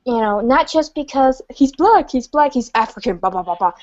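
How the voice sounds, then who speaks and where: A woman's voice: high-pitched, expressive, normal speed, darkish tone. A woman hosting a casual podcast chat, chatty and hesitant with many fillers. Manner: chatty, hesitant, laughs often. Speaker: podcast host. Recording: dull lo-fi sound.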